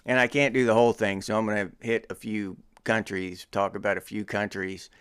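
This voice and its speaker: A man's voice: lowish voice, steady tone, a little fast, a bit bright, smooth, no room sound, clean studio sound. A middle-aged American man hosting his own show, teasing and joking in casual commentary with frequent chuckles. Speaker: podcast host.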